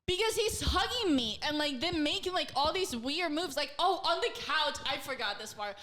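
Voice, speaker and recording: A young woman co-hosting a podcast tells a story in loose, animated chat, full of fillers and casual swearing. Her voice sits a little high and rings bright. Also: normal speed. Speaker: podcast co-host.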